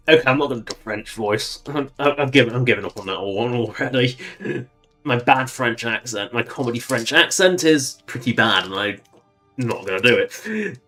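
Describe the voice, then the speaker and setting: A man's voice: mid-range voice, brisk, fairly bright tone, faint music behind. A man casually commenting on a game he plays on a livestream, wry and chatty, laughing at his own jokes.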